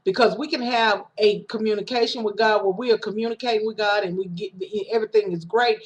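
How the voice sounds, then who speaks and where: On a lo-fi home recording, a woman preacher speaks fast in a mid-range voice. Her self-recorded sermon is casual and conversational, with restarts and quoted lines she acts out.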